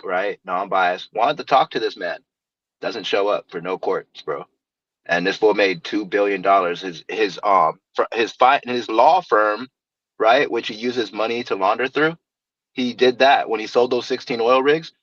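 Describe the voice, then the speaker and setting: A man's voice: on the low side, a bit bright, dry recording, lo-fi sound. A man hosting a livestream panel, chatting casually in a slangy, profane way that circles back on itself. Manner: slangy, profane, talks fast and repeats himself. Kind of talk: casual chat.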